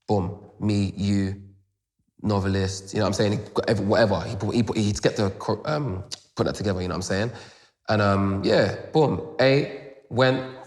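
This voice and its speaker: A young man with a London accent, telling a story in a casual interview with rapid, animated retelling full of "boom" and "da da" fillers. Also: long reverb tail. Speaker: grime MC, interview guest.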